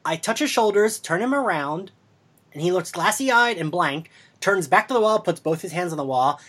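A man telling a story over drinks on a podcast in a casual, animated way, acting out the voices of the people he quotes. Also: high voice, normal speed, breathy edge.

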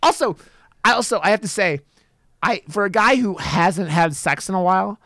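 A man co-hosting a podcast about horror films, talking casually and profanely and jumping into a raised voice to act out what viewers yell at the screen. His voice sits a little high for a man. The sound is dry and close to the mic. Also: normal speed, no room sound. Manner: animated, profane, acts out reactions in a raised voice. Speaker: podcast co-host.

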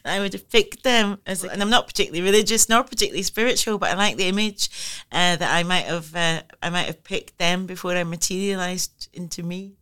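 A middle-aged woman talks through her thoughts in a relaxed interview, candid and quick to laugh, often circling back to rephrase. Her voice sits slightly low for a woman yet sounds bright and forward. Every word comes through smooth and crisp. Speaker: interview guest, writer. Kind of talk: reflective conversational interview.

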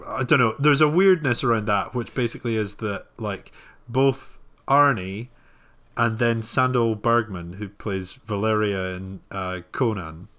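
A man co-hosts a relaxed film podcast, ribbing his partner with a dry, teasing wit. His voice is bright and forceful. He rambles loosely through his points. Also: fairly low pitch, measured pace. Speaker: podcast co-host. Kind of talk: casual chat.

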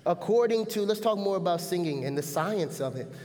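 A man preaching a lively sermon as pastor, often turning to the congregation with a quick "right?". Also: high-pitched, long reverb tail. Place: church sanctuary. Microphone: stage mic.

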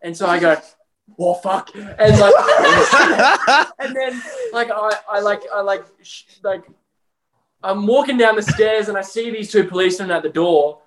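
A man's voice: high-pitched, very animated, measured pace, a bit bright, slight background noise. A young Australian man co-hosting a podcast, telling a story in casual chat with lots of fillers and laughs. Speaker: podcast co-host. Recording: roomy echo.

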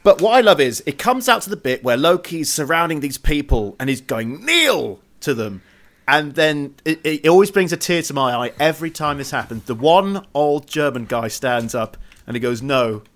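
A man's voice: fairly high pitch, animated, moderate pace. A man co-hosting a casual film podcast, talking with eager enthusiasm and frequent restarts. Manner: enthusiastic, gushing, stumbles and restarts. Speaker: podcast co-host.

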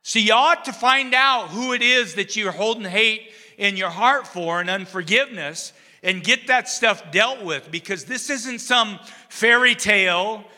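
A man preaching a sermon in a conversational, animated storytelling way, acting out the characters' lines. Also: sits high, unhurried, few pauses, long reverb tail. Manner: conversational, asks the audience "you know what I'm saying".

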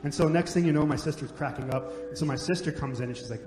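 A young adult man preaching a sermon, telling jokes and stories in a relaxed, conversational way. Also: on the high side, fast talker. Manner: joking, conversational storytelling. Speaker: pastor. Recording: echoey hall, long reverb.

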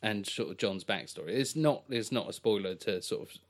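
A man's voice: lowish voice, brisk. A man co-hosting a podcast, chatting casually about a film in a laid-back, agreeable way. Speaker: podcast co-host. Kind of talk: casual film review chat.

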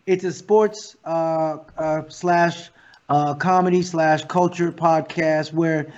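A man, a guest actor and comedian, talking in a casual interview as an animated, profane storyteller. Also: fairly high pitch, slow, muffled recording.

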